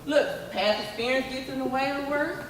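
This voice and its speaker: A high-pitched woman gives an animated motivational talk to a crowd, calling people up and driving her points home with repetition. Her voice is picked up from a distance in a large hall, with long, booming reverb around every word. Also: normal speed, a little hiss or hum. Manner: animated, coaxing, repetitive calls. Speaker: motivational speaker. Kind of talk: motivational talk with audience volunteers. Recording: echoey hall from far off.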